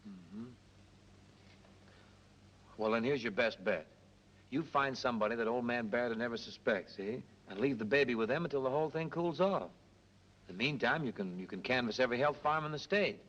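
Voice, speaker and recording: A breezy joking cabbie crooner. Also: male voice, mid-range voice, lively intonation, moderate pace, long pauses, a bit bright. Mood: helpful. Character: easygoing young male cab driver and crooner. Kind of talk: 1930s film dialogue. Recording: dull old film soundtrack with hiss.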